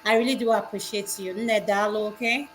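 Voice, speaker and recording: A woman hosting a call-in discussion, soft-spoken and apologetic as she hands over between guests. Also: mid-range voice, steady tone, brisk, slight background noise. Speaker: host.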